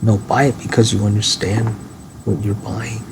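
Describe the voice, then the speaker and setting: Man, rambling vlog monologue, gravelly, lowish voice, noisy background. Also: level tone, normal speed. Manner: musing, rambling, with restarts and sudden swearing. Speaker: vlogger. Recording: noisy ambient recording.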